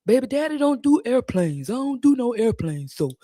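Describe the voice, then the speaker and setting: A woman's voice: fairly high pitch, sing-song, normal speed, dark tone, no room sound, voice pushed up. Woman doing a folksy dad, easygoing and apologetic, slightly raised voice. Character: easygoing father who refuses to fly.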